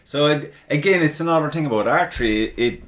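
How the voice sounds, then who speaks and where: A man's voice: fairly high pitch, expressive, a little fast, fairly bright tone. A man chatting casually as a podcast host, profane and self-mocking. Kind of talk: casual chat. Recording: roomy echo.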